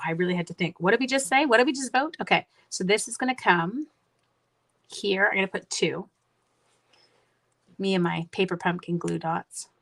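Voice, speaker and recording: Middle-aged woman, crafting livestream host, chatty, mid pitch, talks to herself and viewers. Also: gravelly, a bit bright, a little hiss or hum. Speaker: card-making livestream host. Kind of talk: casual livestream crafting chat.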